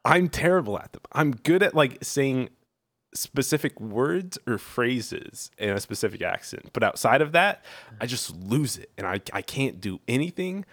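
Joking guy from virginia hosting a podcast, mid pitch, dry dead room sound. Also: big pitch swings, moderate pace, a bit bright, dry recording. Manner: joking, laughs often. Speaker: podcast guest host. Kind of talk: casual chat.

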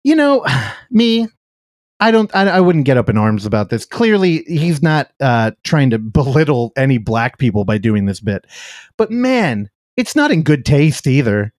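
A man hosts a laid-back film podcast, chatting loosely, laughing a lot and cutting himself off mid-thought. His medium-pitched voice is very animated with a darkish tone at a normal speed, recorded dry in studio quality.

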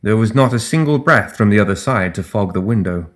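A man narrating a fantasy audiobook in a steady, even storytelling voice. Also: fairly low pitch, a little fast.

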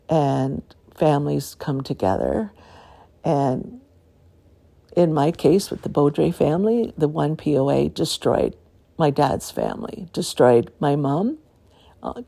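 A woman's voice: sits low, gravelly, warm tone, husky. An older woman from Canada talking in a rambling, aggrieved personal monologue with many restarts.

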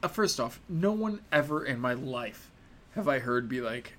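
A man's voice: medium pitch, expressive, takes it slowly, a bit bright. A young American man giving opinionated, casual commentary in a sarcastic, mocking and profane way. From United States.

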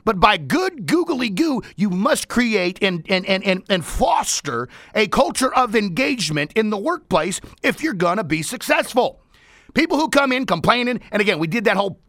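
A man hosts a radio talk show in a high, lively voice that climbs and dips with animated energy. His tone is bright and sharp, and the dry studio sound keeps him close and upfront. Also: dry recording. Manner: animated, shouting, playful asides. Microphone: studio microphone.

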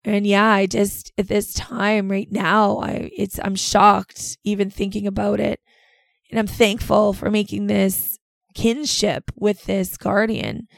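A woman's voice: mid-range voice, level tone, takes it slowly, vocal fry, no room sound. Middle-aged woman podcaster rambling thru a personal story, dry close sound, lots of "like". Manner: earnest, rambling, full of "like" fillers. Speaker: podcast host.

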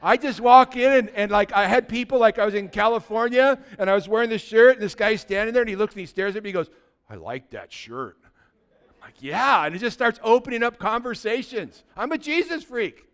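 Man, pastor, high voice, smooth and resonant, energetic conversational sermon. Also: fast talker, hardly any pauses. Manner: energetic, conversational preaching with questions to the congregation.

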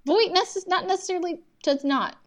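A young woman co-hosting a podcast, adding quick reactions and comments in casual chat. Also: very high-pitched, a bit bright. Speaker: podcast co-host.

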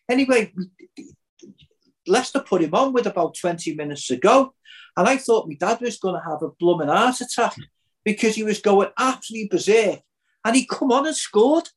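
A man's voice: high voice, brisk. Older Liverpool man telling a story. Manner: animated storyteller. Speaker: podcast host. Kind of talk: casual chat, storytelling.

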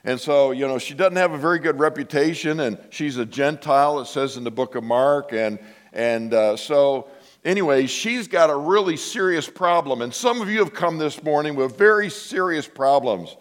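A man preaching a sermon to his congregation, telling a story with lively asides and acting out the voices of the people in it. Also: a little high, moderate pace. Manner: animated storytelling, acts out quoted voices. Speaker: pastor.

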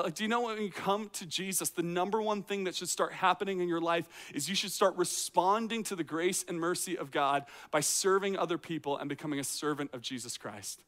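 A man's voice: sits high, fairly bright tone. A man, a teaching pastor, preaching a sermon in a conversational way, full of rhetorical questions and acted-out reactions. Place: outdoor courtyard.

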